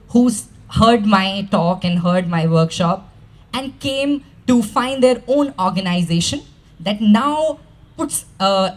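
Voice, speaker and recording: A man, a life skills coach, giving a motivational stage talk and telling stories animatedly, acting out the voices he quotes. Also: sits high.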